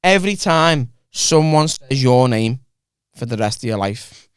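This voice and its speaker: A man's voice: mid-range voice, a little slow, clear, resonant tone, dry recording, clean studio sound. A young adult man hosting a podcast, telling a rambling, profane story in casual chat. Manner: rambling, profane, animated anecdote. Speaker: podcast host.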